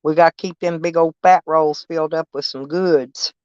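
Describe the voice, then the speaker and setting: A woman's voice: low voice, steady tone, normal speed, a little mellow, smooth, dry recording. Rambling older woman, dull dry audio. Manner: rambling, folksy, blunt, with frequent swearing. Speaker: live-stream host. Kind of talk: casual live chat with viewers.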